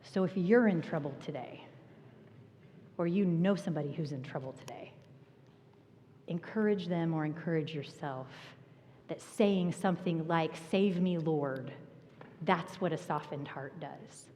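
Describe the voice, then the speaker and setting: A woman pastor preaching a sermon, telling a personal story with animated energy and laughter. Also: sits low, moderate pace, a little hiss or hum. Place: church sanctuary. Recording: long reverb of a church hall.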